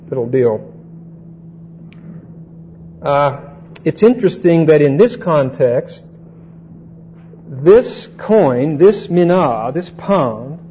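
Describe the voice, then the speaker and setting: A man's voice: medium pitch, warm tone, lo-fi sound, slight background noise. A man giving a conversational Bible lesson, repeating his points and checking in with his listeners. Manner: unhurried, repeats points and checks understanding with "okay?". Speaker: Bible teacher.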